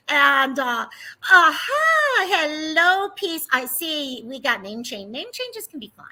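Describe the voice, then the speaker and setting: A woman's voice: sits high, sing-song, takes it slowly, sharp tone, poor audio. A woman hosting a casual livestream, chatty and rambling as she greets viewers by name. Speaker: livestream host.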